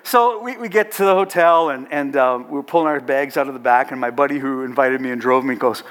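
A man's voice: medium pitch, fast talker, fairly bright tone. A middle-aged man who leads a chaplaincy organization, telling an anecdote to an audience with playful asides. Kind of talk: storytelling talk to an audience.

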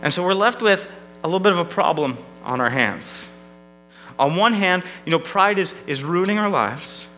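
A man's voice: high-pitched, animated, normal speed, sharp tone, faint music behind, poor audio. A man preaching a sermon as pastor, in a conversational, self-deprecating way with frequent restarts.

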